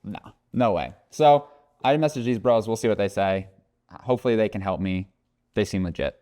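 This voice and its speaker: A man's voice: lowish voice, moderate pace, mellow. A man vlogging casually, joking around, swearing often and rambling. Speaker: car vlogger. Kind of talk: casual vlog talk.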